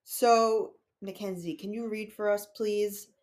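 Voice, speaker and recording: Young woman, podcast host; chatty, explanatory, mid-pitched. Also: steady tone, slow pace, darkish tone. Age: young adult. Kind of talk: casual book discussion.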